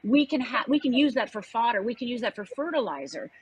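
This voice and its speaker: A woman's voice: fairly high pitch, very animated, fast talker, breathy edge, poor audio. An older woman from Upper Michigan, a guest telling a personal story in an earnest, emphatic way. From Upper Michigan, United States.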